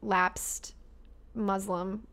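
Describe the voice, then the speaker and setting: A woman in her late twenties chatting casually on a podcast, excitable and full of "like". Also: mid-range voice, drawn-out words, clear, resonant tone. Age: 20s. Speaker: podcast guest co-host. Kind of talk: casual chat.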